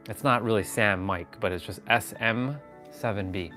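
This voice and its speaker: A man's voice: fairly low pitch, moderate pace, bright, forceful tone, faint music behind. A man chatting casually on a live stream from his phone at home, rambling and greeting viewers by name. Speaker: vlogger. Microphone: phone on gimbal.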